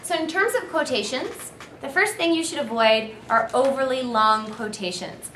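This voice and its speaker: A woman university English lecturer giving a clear, emphatic seminar talk on essay writing. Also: high voice, normal speed, few pauses, a bit bright. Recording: echoey room, faint noise.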